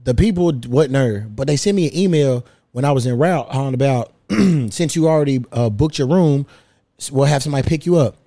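A man in his thirties hosting a casual podcast, telling a story in a lively, profane way. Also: medium pitch, a little fast, dry recording, studio quality. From United States. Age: 30s. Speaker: podcast host.

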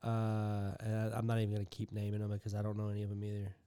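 A man co-hosting a podcast, reading out film credits in a casual, halting way with many pauses and fillers. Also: lowish voice, completely flat delivery, dark tone, clear, resonant tone, dry recording. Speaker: podcast co-host. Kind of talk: casual chat.

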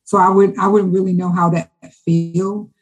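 Husky-voiced woman chatting enthusiastically. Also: lowish voice, normal speed, soft background music, poor audio. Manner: enthusiastic, chatty, repeats words when excited. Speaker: interview guest. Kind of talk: casual conversation.

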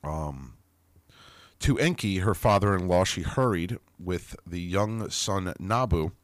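A man's voice: sits low, expressive, takes it slowly, no echo. A man hosting a podcast, reading an old text aloud and breaking off into casual, chatty commentary with mild swearing.

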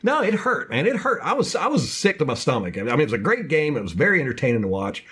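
A man co-hosting a sports podcast in casual talk, passionate and ranting. His voice is a little husky, and his pitch swoops up and down with energy. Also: very animated, a bit bright. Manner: passionate, ranting, fast bursts. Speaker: podcast co-host.

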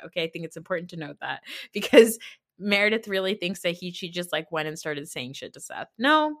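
A woman hosting a podcast, recapping reality TV in a chatty, sarcastic way and acting out quotes. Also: mid-range voice. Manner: chatty, sarcastic, animated quoting of cast. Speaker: podcast host.

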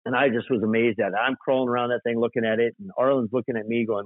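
A man's voice: mid-range voice, quick pace, dry recording. South dakota guy rambling thru bike stories, sounds like a dry tinny phone line. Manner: animated, rambling storyteller with fillers. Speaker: guest, custom motorcycle builder. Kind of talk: casual storytelling interview.

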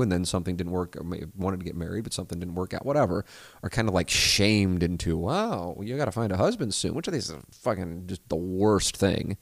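A man's voice: deep voice, creaky, dry recording. A man hosting a podcast, rambling profanely through a listener email, full of restarts and asides. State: married. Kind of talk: casual rambling monologue.

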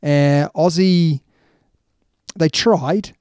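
A man's voice: on the high side, extremely slow, darkish tone, clear, resonant tone, dry recording, clean studio sound. Chatty New man talking rugby. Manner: chatty, emphatic, lots of yeah and you know. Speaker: rugby podcast co-host. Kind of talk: casual sports chat.

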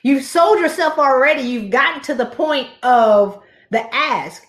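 Animated woman coach, preacher-like cadence. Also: sits high, unhurried, echoey room. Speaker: guest coach on pay negotiation. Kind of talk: lively conversational advice on a live stream.

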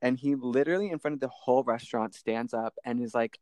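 A young man in casual podcast chat, telling an animated story and swearing freely. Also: mid-range voice, fairly quick, hardly any pauses, no echo.

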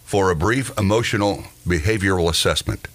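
A man's voice: low-pitched, a little fast. A man hosting a morning radio show, reading news items in a casual way and laughing often. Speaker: host.

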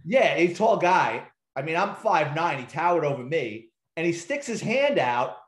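A middle-aged man, a retired police detective, tells story after story in a relaxed, chatty way. He acts out the other people's lines as he goes and swears casually. His voice sits a little high, and the room around him rings with echo. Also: moderate pace. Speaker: interview guest, retired police detective and author. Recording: roomy echo.

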